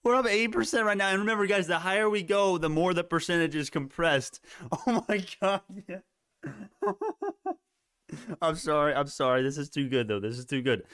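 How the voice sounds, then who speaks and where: A man giving live stock market commentary, excitable and hyped, laughing often and swearing casually. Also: a little high, a little fast, clean tone, dry recording, studio quality.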